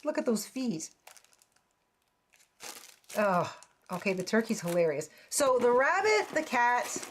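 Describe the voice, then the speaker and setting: A faint hiss or hum accompanies her fairly high-pitched voice. She's a crafting channel host doing a relaxed unboxing, exclaiming over every piece and letting out little laughs.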